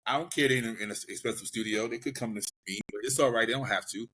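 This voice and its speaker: A man in relaxed podcast conversation as a guest, giving easygoing, encouraging advice. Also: mid-range voice, quick pace. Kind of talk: casual podcast chat.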